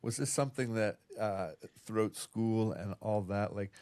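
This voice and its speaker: A man hosting a podcast, mostly giving short affirmations and asking quick questions. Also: on the low side, darkish tone, no room sound. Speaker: podcast host. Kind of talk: interview questions and backchannel.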